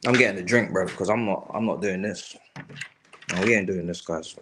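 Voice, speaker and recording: A man's voice: deep voice, normal speed, heavy background noise. A young man hosting a livestream, ranting in slangy, exasperated, muttering casual talk. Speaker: livestream host.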